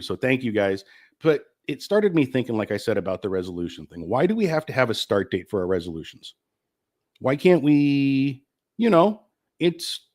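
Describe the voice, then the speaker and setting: A man's voice: mid-range voice, a little mellow. Winded man rambling on his own show. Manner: rambling, candid, swears freely. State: getting over flu, short of breath. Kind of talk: casual solo live-stream talk.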